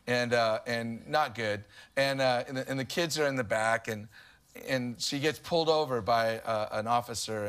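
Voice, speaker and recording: A man's voice: mid-range voice, a bit bright. A man, preaching a sermon in a conversational style with humorous anecdotes. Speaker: pastor.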